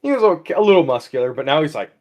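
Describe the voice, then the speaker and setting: A young man co-hosting a comedy podcast, telling an absurd story in halting, rambling bursts. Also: on the high side, big pitch swings, darkish tone. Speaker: podcast co-host. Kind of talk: casual comedic chat.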